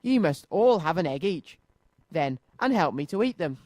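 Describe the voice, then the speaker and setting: Noddy, a man voicing an excitable little toy boy. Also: fairly high pitch, normal speed, no room sound. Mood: eager. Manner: anxious, excitable exclamations. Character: cheerful little toy boy, eager and fretful. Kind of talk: children's storybook reading.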